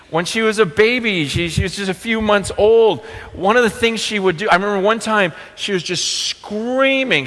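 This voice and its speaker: A middle-aged man preaching a sermon as pastor, earnest and storytelling, acting out quotes with sudden loud bursts. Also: high-pitched, big-room sound.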